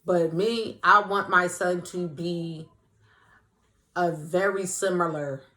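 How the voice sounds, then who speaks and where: A woman's voice: fairly low pitch, steady tone, slow pace, bright, forceful tone. A young woman chatting casually to camera as host of her own vlog, playful and talkative. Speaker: vlogger, show host.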